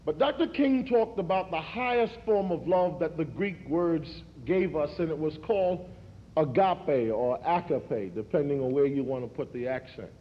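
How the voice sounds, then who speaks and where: A man in his forties from New York, giving a speech in a preacher's rhythmic cadence that repeats words and climbs in pitch. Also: animated, normal speed, hardly any pauses. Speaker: speaker at a commemoration. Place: large hall. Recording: echoey hall, dull archival recording.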